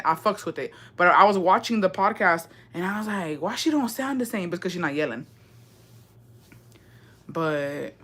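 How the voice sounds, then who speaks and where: A young woman with a deep, slightly raspy voice hosting a casual livestream, chatty and profane, dropping in Spanish words as she greets viewers. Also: pushed and bright. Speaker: livestream host. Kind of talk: casual livestream chat reading comments.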